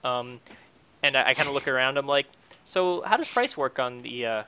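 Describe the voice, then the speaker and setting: Bright, crisp-voiced man playing a tabletop game. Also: medium pitch, animated. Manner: halting, full of fillers and restarts. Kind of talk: casual in-character play.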